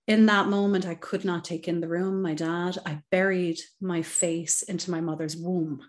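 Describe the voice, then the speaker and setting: A woman's voice: on the low side, normal speed, few pauses. A woman, a psychotherapist guest on a podcast, telling her personal story in an earnest, reflective way with many "you know"s. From Ireland.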